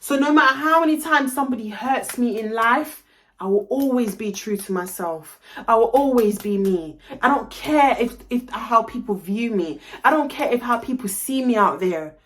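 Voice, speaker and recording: A young woman tells a long personal story straight to camera in a storytime vlog. Her voice sits a little high. She talks emphatically, swears freely and drops into Caribbean slang. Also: animated, normal speed, a bit bright. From London. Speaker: vlogger.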